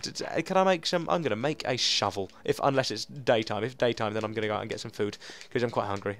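Chatty young gaming host. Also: male voice, medium pitch, fast talker, hardly any pauses. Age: young adult. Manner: chatty and rambling, talking to viewers while playing; jumps to excited outbursts. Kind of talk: casual let's play commentary.

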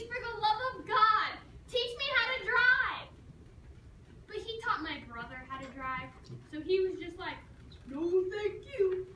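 A woman performing a comic dramatic monologue, telling the story in a sarcastic, animated way. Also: sits high. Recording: echoey room, mic far off, noisy.

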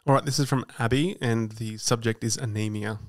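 A man's voice: medium pitch, fairly even intonation, fairly quick. A man co-hosting a podcast, reading out listener emails and adding brief, friendly interjections. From Australia. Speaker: podcast co-host.

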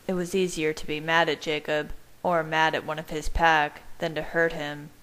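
A woman reading fan fiction aloud in a measured, even first-person narration. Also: low-pitched, clear, resonant tone, rough recording.

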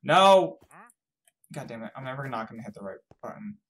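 A young man giving casual, swearing let's-play commentary, swinging from mumbling to frantic yelling. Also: mid-range voice, fairly even intonation, racing, background noise. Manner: swears a lot. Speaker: gaming YouTuber.

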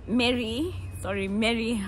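A Kenyan woman in her twenties, telling stories in a lively, playful way and acting out the people she quotes. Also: on the high side, unhurried, background noise. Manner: animated, playful, laughs often, acts out quotes. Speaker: vlogger. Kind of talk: casual storytelling.

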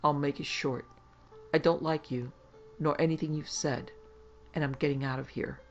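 A man's voice: a little high, fairly even intonation, moderate pace, highs cut off, soft background music, close to an everyday voice. A man voicing a plucky young male student who speaks levelly and defiantly.

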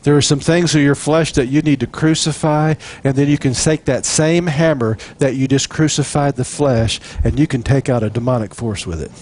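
A man preaching a sermon, animated and chatty, acting out little scenes and chuckling between points. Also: medium pitch, normal speed, few pauses. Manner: animated, jokes and acts out quotes. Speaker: pastor.

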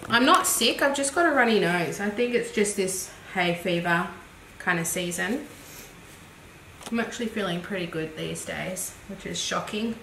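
A woman's voice: lowish voice, animated, normal speed, sharp tone. An Australian woman reviewing makeup in a casual, chatty, giggly way, thinking aloud as she goes. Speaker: beauty vlogger. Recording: echoey room with faint noise.

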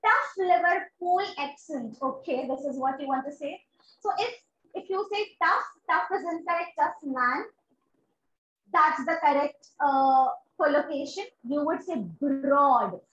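Indian woman teaching English, high voice. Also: a little slow, a bit bright, a little hiss or hum. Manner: encouraging, repeats "very good" and "amazing". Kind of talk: online exam-prep class. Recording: roomy, dull lo-fi sound.

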